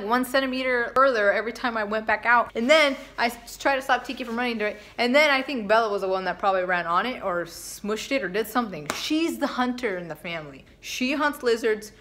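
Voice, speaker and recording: A woman's voice: a little high, quick pace, few pauses, fairly bright tone. A young woman chatting playfully to camera at home as a vlogger, joking around. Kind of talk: casual chat to camera. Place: indoors at home, windy outside.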